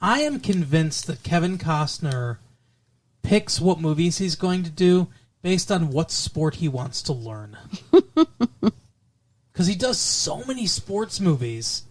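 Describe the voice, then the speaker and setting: A man co-hosting a movie podcast in casual chat, joking, laughing often and slipping into quick impressions. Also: fairly high pitch, animated. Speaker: podcast co-host.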